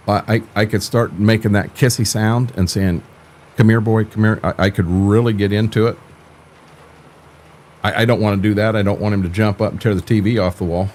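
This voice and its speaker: A man's voice: on the low side, steady tone, normal speed, long pauses, a little mellow, a little hiss or hum. An older man chatting casually on a live stream about farming games, laid-back and folksy, often stumbling and repeating words.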